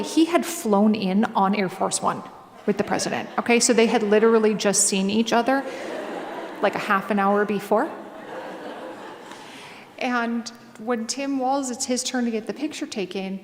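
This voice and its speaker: Chatty woman author on a stage. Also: a little high. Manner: chatty and animated, with many fillers. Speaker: author and guest speaker. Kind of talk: casual storytelling talk before a live audience. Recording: echoey hall, faint ambience.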